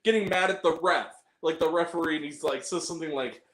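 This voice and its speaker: A man's voice: fairly high pitch, fast, fairly bright tone. A man hosting a casual chat, joking crudely and laughing often. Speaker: podcast host. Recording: roomy echo.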